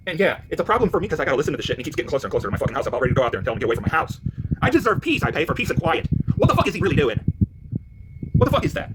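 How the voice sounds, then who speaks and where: A worked-up man ranting in a profane vlog, swinging between loud outbursts and low muttering. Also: very noisy. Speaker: vlogger.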